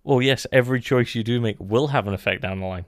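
A man's voice: medium pitch, fast, dry recording, clean studio sound. A man, co-hosting a casual review chat, musing thoughtfully with many filler words. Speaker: podcast co-host.

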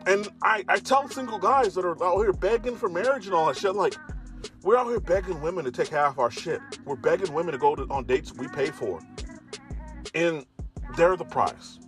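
Profane ranting man, faint music behind. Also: fairly bright tone. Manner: profane, emphatic, spikes in pitch. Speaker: commentator. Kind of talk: ranting monologue.

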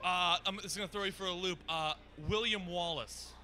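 A man's voice: high-pitched, fairly even intonation, moderate pace, bright, forceful tone. A man co-hosting a podcast from a bar, cracking short wisecracks. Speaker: podcast co-host. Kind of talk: casual bar banter.

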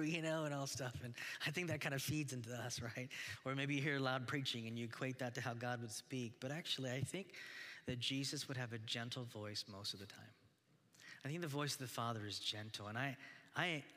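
A man's voice: medium pitch, sharp tone. A man in his thirties preaching a sermon to fathers in an earnest, exhorting way, with frequent restarts. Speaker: pastor. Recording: long hall reverb.

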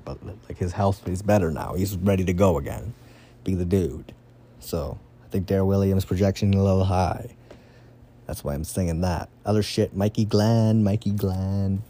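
Young guy ranting his fantasy picks solo, swears a ton, lowish mellow voice. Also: vocal fry, husky. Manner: profane, excitable, rambling. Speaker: fantasy football podcaster. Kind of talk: casual solo commentary.

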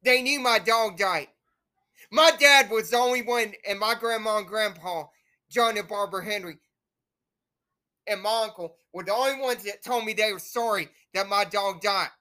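A woman's voice: mid-range voice, normal speed, sharp tone. A young woman, hosting her own show, delivering a bitter, profane and repetitive rant to her viewers. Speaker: host of a home-made show.

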